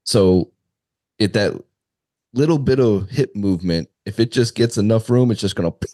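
A man guesting on a casual adult podcast, talking in an easygoing, halting way with lots of fillers. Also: on the low side, warm tone, dry recording, clean studio sound.

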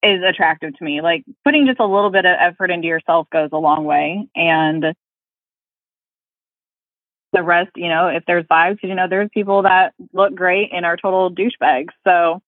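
A woman guest in a relaxed, chatty conversation who giggles easily. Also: on the low side, normal speed, dry recording. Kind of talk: casual chat. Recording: tinny phone line, dry.

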